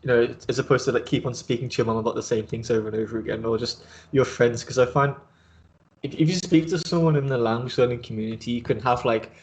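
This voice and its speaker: Male host, mid-pitched, casual and rambling, lots of "like" and "um". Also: steady tone, fast talker, darkish tone. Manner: rambling, many fillers and restarts. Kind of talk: casual video chat interview.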